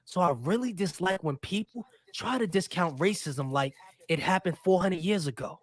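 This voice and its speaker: Blunt high-voiced male commentator. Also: animated, moderate pace. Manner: blunt, opinionated. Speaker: co-host. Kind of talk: casual commentary.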